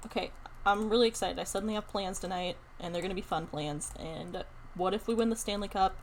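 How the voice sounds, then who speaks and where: A young woman streaming a building game, chatting casually and thinking aloud in an excited, talkative way. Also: medium pitch, brisk, a little hiss or hum. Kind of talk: casual live-stream chat while playing a building game.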